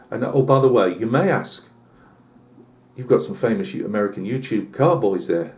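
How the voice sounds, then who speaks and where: He's a British channel host with a darkish voice on the low side, speaking a little slowly. Chatty and given to fillers and asides, he rambles through a comic tall tale.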